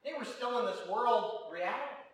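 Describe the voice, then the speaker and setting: A man with a high voice preaching a sermon. He asks his listeners question after question and drives points home by repeating them. He sounds far from the mic in a big, strongly echoing room, likely a church. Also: expressive, normal speed. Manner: asks the audience many rhetorical questions and repeats lines for emphasis. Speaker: pastor.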